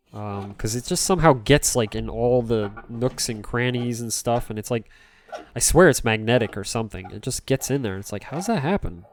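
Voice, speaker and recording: A man's voice: mid-range voice, clean tone. A man streaming live as he cleans a game console, rambling in a jokey way and answering chat.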